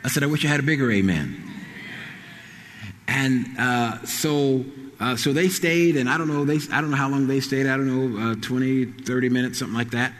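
A man's voice: mid-range voice, moderate pace, fairly bright tone. Middle-aged man, pastor, storytelling sermon, acts out quotes, reverberant sanctuary. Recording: long hall reverb.

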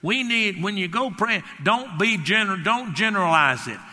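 A man's voice: high voice, expressive, normal speed, sharp tone, big-room sound. An older man preaching a sermon, speaking emphatically, acting out quotes and wandering into personal stories. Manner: emphatic, acts out quotes, rambling anecdotes.

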